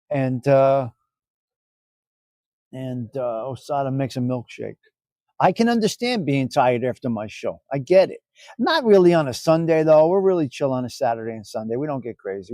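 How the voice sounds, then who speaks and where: A man's voice: medium pitch, expressive, moderate pace, dark tone, dry recording, studio quality. A middle-aged man hosting a casual live stream, bantering loosely and profanely with viewers in the chat.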